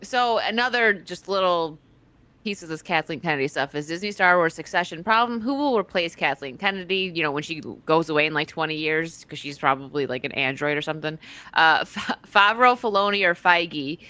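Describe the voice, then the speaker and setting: A woman's voice: low-pitched, brisk, bright, forceful tone. A woman hosting a casual livestream chat, reading a news article aloud and joking with guests. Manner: chatty, giggly, reads article aloud. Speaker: livestream host.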